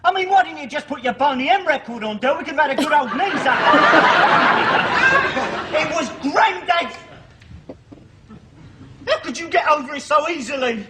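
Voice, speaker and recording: A man's voice: extremely high pitch, lively intonation, normal speed, long pauses, pushed and bright, full character voice. An actor playing an earnest younger brother, reproaching his older brother in a TV sitcom scene. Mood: reproachful. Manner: reproachful, indignant. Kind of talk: TV sitcom drama.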